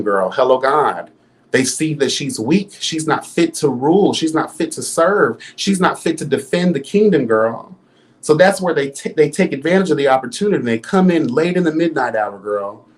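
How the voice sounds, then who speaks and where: A man giving celebrity gossip commentary in a vlog. He talks in a sassy, campy, dramatic way and keeps throwing in exclamations. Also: mid-range voice. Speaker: commentary vlogger.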